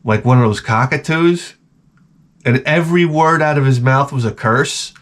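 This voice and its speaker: A man's voice: mid-range voice, moderate pace, fairly bright tone. A man in his forties telling rambling, profane comic anecdotes in casual chat as a podcast host.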